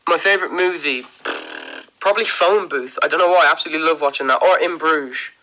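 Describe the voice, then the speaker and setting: A man's voice: on the high side, fast talker, bright, forceful tone, rough recording. An Irish man chatting casually on a livestream, rambling through viewer questions with plenty of ums and likes and frequent laughs. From Ireland. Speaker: livestream host.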